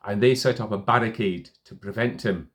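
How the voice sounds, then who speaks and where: A middle-aged man speaking straight to his viewers as a confidence coach. His voice sits a little low, and he tells stories in a loose, chatty way, pausing on "uh" and "you know" as he goes. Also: fairly bright tone. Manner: storytelling, conversational with fillers. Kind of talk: casual talk to camera.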